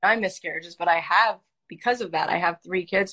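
With a mid-range, slightly rough voice, a woman talks a little fast and barely pauses. As a life coach hosting a heartfelt conversation, she's earnest and emotional and tells her stories with animation.

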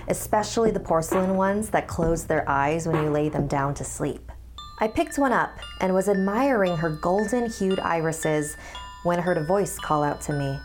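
A woman hosting a horror podcast and narrating a scary story in a calm, hushed, measured voice. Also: low-pitched. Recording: music underneath.

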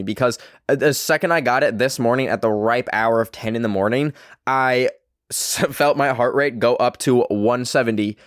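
A man's voice: medium pitch, dry recording, studio quality. A young man with a Canadian accent hosting his own podcast, rambling and swearing in a self-deprecating way. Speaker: podcast host. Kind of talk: casual solo podcast rant.

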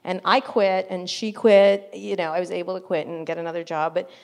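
Guest spot: middle-aged woman reporter, animated raconteur, breaks into laughs mid-story. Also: fairly low pitch, brisk. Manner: animated, laughing asides, acts out quotes. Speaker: interview guest, journalist. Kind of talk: casual storytelling interview.

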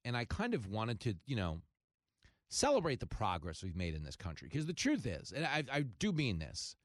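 A man hosting a talk radio show in a fast, jokey monologue, breaking into loud comic bursts. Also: fairly low pitch, wildly swooping pitch, dry recording, studio quality.

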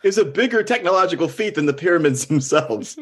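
A man's voice: fairly high pitch, lively intonation, fairly quick, breathy edge. A man, a comedian guest, riffing in a casual podcast chat and laughing often.

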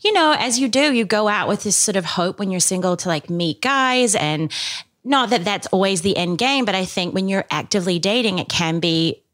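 A woman's voice: mid-range voice, animated, normal speed, fairly bright tone. A woman who is a guest on a podcast, telling personal stories candidly in casual chat.

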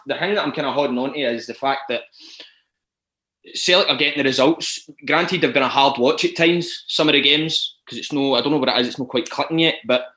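Chatting loosely as a podcast guest, this Scottish actor has a medium-pitched, slightly bright voice. His speech keeps stalling and restarting, peppered with fillers and repeated "do you know what I mean."

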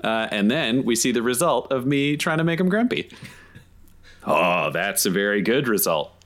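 A man's voice: mid-range voice, sing-song, normal speed, fairly bright tone. Playful man playing a tabletop game. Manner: playful, taunting in character. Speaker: player. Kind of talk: tabletop role-play.

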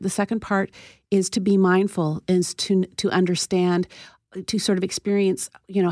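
Give me a woman, a therapist guest on a radio talk show, explaining in a calm, measured way. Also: fairly low pitch, no room sound, studio quality.

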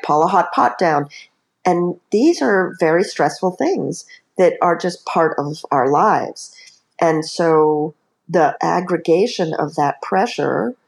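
Low-voiced woman explaining earnestly. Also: a little mellow. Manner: earnest, explanatory, many asides. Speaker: author and guest. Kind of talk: podcast interview.

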